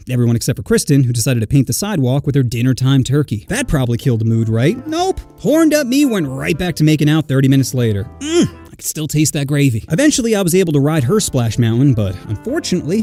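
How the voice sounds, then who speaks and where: A man's voice: fairly high pitch, warm tone. A young man telling crude, mocking comedy stories from a script in a brash, punchy way. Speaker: comedy storyteller. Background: faint music.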